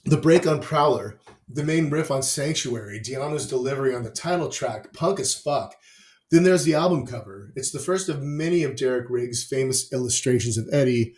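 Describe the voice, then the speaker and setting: A man's voice: mid-range voice, normal speed, a little mellow. A man hosting a music review, talking through albums with enthusiasm, profanity and wry asides. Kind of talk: opinionated album review monologue. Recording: roomy echo.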